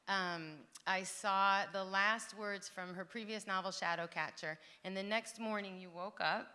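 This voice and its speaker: A woman's voice: medium pitch, pushed and bright. A woman interviewing an author on stage at a festival. She asks her questions with a playful, teasing manner. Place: festival venue.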